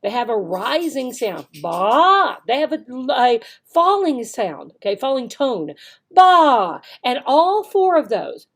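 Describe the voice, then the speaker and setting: Gravelly woman teaching with frequent "okay?". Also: a little high, sing-song, measured pace, few pauses. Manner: frequent "okay?" check-ins, demonstrates words with varied voices. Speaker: online English teacher trainer. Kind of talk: instructional video lesson.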